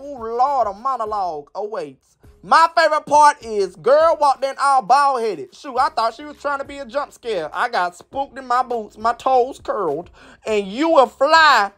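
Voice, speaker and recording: A young man in his twenties hosting a comedy shout-out segment, with a dramatic, sassy, exaggerated delivery. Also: very high voice, expressive, unhurried. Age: 20s. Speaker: comedy channel host.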